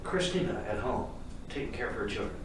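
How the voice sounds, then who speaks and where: A man on a podcast telling a joke story with playful, loud voiced quotes. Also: medium pitch, animated, brisk. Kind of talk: casual storytelling. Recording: echoey room, distant mic, noise.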